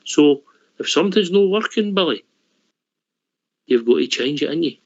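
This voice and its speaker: A man's voice: a little high, animated, normal speed, gravelly, no room sound. Chatty phone-in host, man. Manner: chatty, blunt, keeps saying "mate". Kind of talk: casual phone-in chat. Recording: dry, dull lo-fi.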